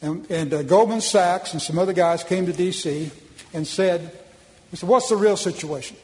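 A man's voice: sits high, steady tone, normal speed, a little mellow. Guy from oklahoma giving a folksy talk w/ slides, keeps restarting sentences, big echoey hall. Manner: folksy and emphatic, with repeated restarts. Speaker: speaker at a policy conference. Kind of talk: public speech with slides.

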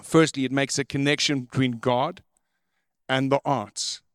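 A middle-aged male preacher delivers a sermon at a very slow, deliberate pace. He reads in a measured, steady way and then presses his points with emphatic force. His voice sits at an ordinary pitch and sounds dry and close, with no room around it. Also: no echo. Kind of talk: sermon with read-aloud opening.

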